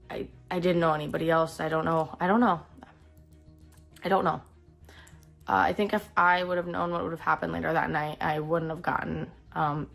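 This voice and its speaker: Young woman with a low, gravelly voice. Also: fairly bright tone. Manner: halting, full of fillers and restarts, emotional. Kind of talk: personal storytelling interview.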